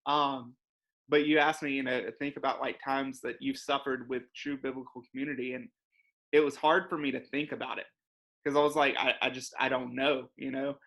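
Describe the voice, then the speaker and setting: Young guy, bright voice, rambly and chatty, says like a lot, church podcast. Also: medium pitch, little pitch movement, brisk. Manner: rambling, lots of "like" and laughs. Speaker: co-host. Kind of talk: casual church podcast conversation.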